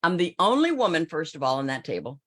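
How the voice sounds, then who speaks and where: A woman's voice: low voice, big pitch swings, fast talker, a bit bright. A middle-aged woman, a former financial advisor, speaking emphatically to an audience and addressing listeners directly with rhetorical questions.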